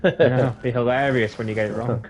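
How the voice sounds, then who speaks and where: A man's voice: mid-range voice, fairly even intonation, a little fast, darkish tone. Blunt Yorkshire man with faint background noise. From Yorkshire, England. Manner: blunt, sarcastic, swears freely. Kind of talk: casual chat while gaming.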